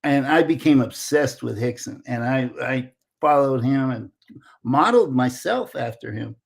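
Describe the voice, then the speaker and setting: A man in his sixties, an interview guest telling a lively anecdote and acting out the dialogue. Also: medium pitch, measured pace, gravelly. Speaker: interview guest, former Olympic wrestler. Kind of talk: casual storytelling.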